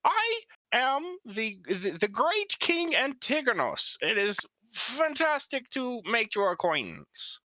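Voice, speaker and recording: A man's voice: extremely high pitch, sing-song, slow, sharp tone, no room sound, exaggerated voice. A man voicing an ancient exiled male minotaur king who speaks in a grand, formal manner and coughs between his words.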